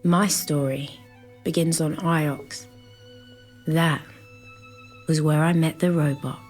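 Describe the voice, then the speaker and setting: A slow-spoken London-accented scholar. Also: female voice, low-pitched, fairly even intonation, a little mellow, soft background music. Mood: reflective. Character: young woman scholar narrating her own story. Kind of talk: video game voice acting.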